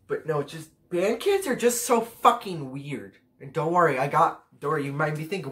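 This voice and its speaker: A man's voice: on the high side, animated, moderate pace, a bit bright. A teenage boy vlogging a casual rant to camera, ranking pet peeves in a profane, exasperated way. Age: teens.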